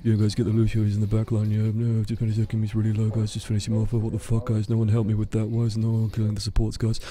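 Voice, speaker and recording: A man imitating a male gamer who mumbles half-clear callouts into his microphone. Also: fairly low pitch, completely flat delivery, fast talker, mellow, voice pushed down, lightly acted. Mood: mumbling.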